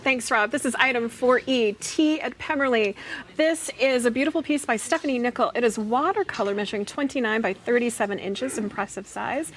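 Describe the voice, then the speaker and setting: A fairly high-voiced woman hosts a televised art auction from a studio. She is upbeat and keeps repeating the current bid and the number to call. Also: brisk. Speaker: auction host.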